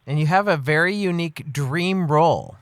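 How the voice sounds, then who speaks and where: A man's voice: fairly high pitch, normal speed, fairly bright tone, smooth, no echo. A man co-hosting a podcast interview, asking light, joking questions. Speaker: podcast co-host. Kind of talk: casual interview chat.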